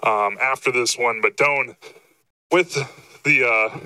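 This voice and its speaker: A man calling post-game football highlights, a bit out of breath and lifting his voice with energy on the big plays. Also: takes it slowly, smooth, no echo, low-quality recording. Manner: energetic, rising excited pitch on highlights. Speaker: play-by-play sportscaster.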